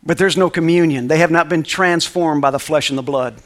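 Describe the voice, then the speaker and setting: A man's voice: fairly high pitch, brisk. A male pastor preaching a sermon to a congregation, reading scripture aloud and calling for responses. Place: church sanctuary with congregation.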